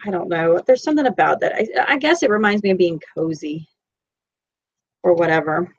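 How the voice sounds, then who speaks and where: A woman's voice: on the low side, animated, brisk, muffled recording. A woman with a Southern Florida accent, teaching a live-streamed sewing tutorial from home in a chatty, rambling, self-deprecating way. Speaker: sewing instructor. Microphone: computer mic.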